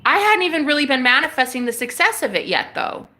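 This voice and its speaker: A woman's voice: sits high, very animated, quick pace, pushed and bright. A woman hosting a livestream, talking casually about spirituality and acting out phone calls in quoted voices. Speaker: livestream host.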